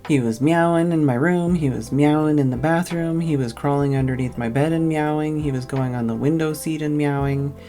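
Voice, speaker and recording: A woman's voice: sits low, moderate pace, hardly any pauses, mellow, faint music behind. Tired woman rambling through a story. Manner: rambling, lots of "like" fillers. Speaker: streamer. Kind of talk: casual storytelling.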